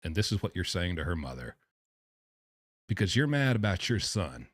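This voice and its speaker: Incredulous male streamer, low lively voice. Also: moderate pace, no echo. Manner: incredulous, sarcastic. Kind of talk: reaction commentary, reading messages aloud.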